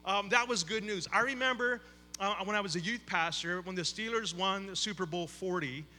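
A man's voice: high-pitched, normal speed, pushed and bright, big-room sound, a little hiss or hum. A man who is a campus pastor, giving a conversational sermon with an opening prayer, talking with many fillers and repeated words in a church sanctuary.

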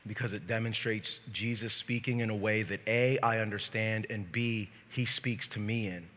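A man pastor preaching a sermon to his church, moving from quiet teaching to shouted preaching. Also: fairly low pitch, steady tone, moderate pace, slight background noise. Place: church sanctuary. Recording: long reverb of a large hall.

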